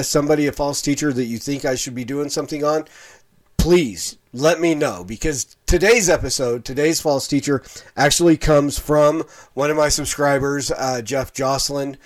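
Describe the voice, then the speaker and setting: A man's voice: fairly high pitch, normal speed. Rambling middle-aged male commentator. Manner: rambling, full of fillers and restarts. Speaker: online commentator on preachers. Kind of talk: casual video commentary.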